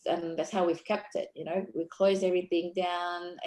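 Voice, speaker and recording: A woman's voice: lowish voice, flat delivery, moderate pace, a little mellow. Rambling woman with an Australian accent. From Cocos Keeling Islands. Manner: loose and rambling, full of "you know" fillers. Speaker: guest, visitor centre worker. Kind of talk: casual interview chat.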